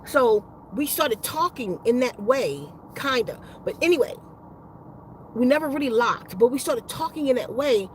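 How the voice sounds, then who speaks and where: Her voice is on the high side and expressive, moving at a moderate pace, captured on a low-quality recording with slight background noise. As a spiritual healer and channel host, she rambles through a foul-mouthed story in a relaxed livestream chat.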